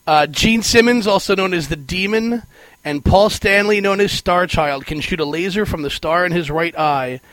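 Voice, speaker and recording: A man with a slightly high voice tells a story in a lively, mocking tone, unable to believe how bad the thing he is describing is. The sound is dry and close, with no room echo. Casual comedic chat. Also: moderate pace. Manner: animated storyteller, mocking and incredulous.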